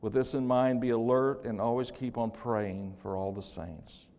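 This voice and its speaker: An older man preaching a sermon as pastor in a church, swinging from hushed to loud with joking asides. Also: medium pitch, steady tone, normal speed, creaky, a little hiss or hum. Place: church sanctuary. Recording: long reverb of a church hall.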